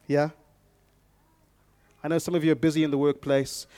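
A man preaching a sermon to his congregation, moving from calm scripture reading to loud, emphatic exhortation and speaking directly to the people in front of him. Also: on the high side, normal speed, no echo. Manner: addresses the congregation directly with audience prompts. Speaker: pastor.

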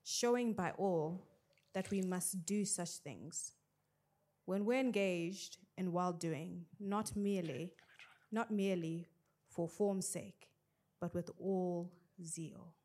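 A woman reads a passage aloud at a slow, unhurried pace. Her voice sits fairly low, and she takes each phrase carefully. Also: warm tone. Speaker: scripture reader. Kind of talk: reading aloud.

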